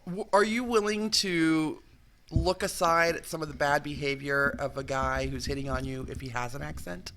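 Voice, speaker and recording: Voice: medium pitch, fairly even intonation, normal speed, a bit bright. A talk show host in casual chat, asking questions and laughing easily.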